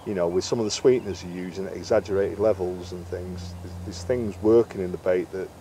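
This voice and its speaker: A middle-aged carp angler and bait maker, appearing as an interview guest, swaps fishing stories in a chatty, anecdotal way, acting out the dialogue he quotes. His low voice keeps a fairly even intonation, moving briskly with a warm tone. There's slight background noise in this casual storytelling interview.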